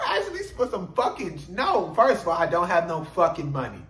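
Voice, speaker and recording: A podcast host tells a story in a casual, profane monologue, animated and full of filler phrases, laughing as he goes. His voice sits high and he talks a little fast with few pauses, while the poor audio has a roomy sound.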